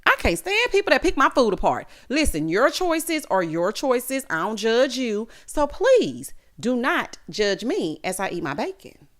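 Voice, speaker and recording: A woman in her thirties giving a sassy, animated recap of a reality show, calling her viewers honey and child. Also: a little high, unhurried, hardly any pauses. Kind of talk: casual recap commentary.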